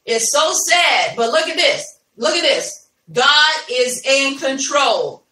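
Chatty woman host, unhurried and bright, recorded at a distance in an echoey room. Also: high-pitched, animated, a little hiss or hum. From Ohio, USA. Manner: chatty, addresses listeners as y'all, laughs easily. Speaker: podcast host. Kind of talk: casual live podcast chat.

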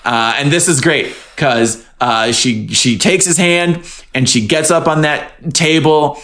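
A man's voice: fairly high pitch, takes it slowly. A man co-hosting a casual podcast, recapping a TV episode and acting out the characters with cursing and laughter. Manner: animated, acts out characters with profanity. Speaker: podcast co-host. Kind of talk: casual chat recapping a TV show.

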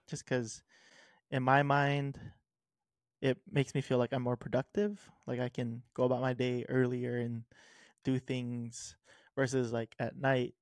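A man's voice: medium pitch, a little mellow, dry recording. A young man co-hosting a podcast in a casual chat, easygoing and reflective with some teasing. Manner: easygoing, reflective, quick to tease. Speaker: podcast co-host.

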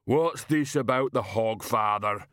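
A man voicing a slow, simple-minded hulking giant who speaks in a plodding rumble. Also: fairly bright tone, dry recording, studio quality, close to an everyday voice. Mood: puzzled.

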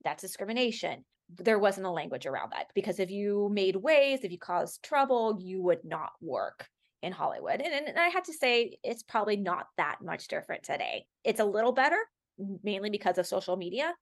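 A woman's voice: mid-range voice, very animated, moderate pace. A woman from Los Angeles, a guest on an interview podcast, speaking emphatically and acting out what others said to her. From Los Angeles, USA. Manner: emphatic storytelling, acting out quoted remarks. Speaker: podcast guest, actor and activist. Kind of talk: conversational interview.

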